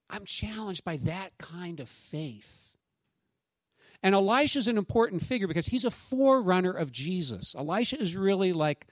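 A man's voice: high voice, fairly bright tone, dry recording. A man preaching a sermon, reading a scripture passage aloud and then talking it over with his listeners in an emphatic, conversational way. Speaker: pastor.

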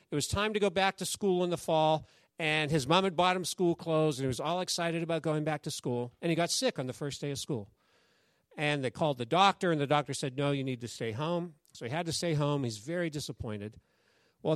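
A male pastor with a slightly high voice preaches a sermon and tells a story along the way. He urges the congregation to answer him. The sound is dry and close, with no room echo. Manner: exhorting the congregation, lively call-and-response.

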